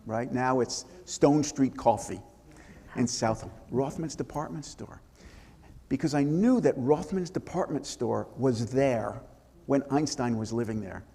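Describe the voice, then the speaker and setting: Gravelly man telling stories in a hall. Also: medium pitch, a little slow. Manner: lively anecdotal storyteller with restarts. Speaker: author and former congressman. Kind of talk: storytelling in a live interview. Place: synagogue hall before an audience. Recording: long reverb of a hall.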